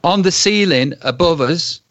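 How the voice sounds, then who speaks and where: A man with a fairly high voice spins a spooky tale for laughs, slowing down for suspense and bursting into shouted quotes. He talks like a practised storyteller. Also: animated, a little hiss or hum. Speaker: guest telling a story. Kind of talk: animated comic storytelling.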